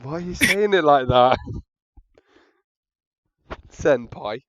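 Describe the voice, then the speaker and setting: A man's voice: fairly high pitch, expressive, slow pace, fairly bright tone, no room sound, highs cut off. A man co-hosting a podcast, rambling and laughing through casual banter. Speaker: podcast co-host. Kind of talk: casual chat.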